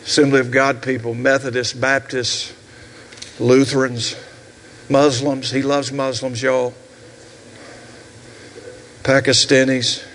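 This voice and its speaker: A man in his sixties with a Southern US accent, preaching a sermon as pastor with shouted, rhythmic repetitions and asides to the congregation. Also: medium pitch, flat delivery, slow, long pauses, in a large hall, slight background noise. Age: 60s. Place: church sanctuary.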